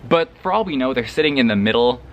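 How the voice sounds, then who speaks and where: A man giving a casual spoiler book review vlog, animated and dramatic, with crude jokes and laughing asides. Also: mid-range voice, fast, lo-fi sound, very noisy. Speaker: book vlogger.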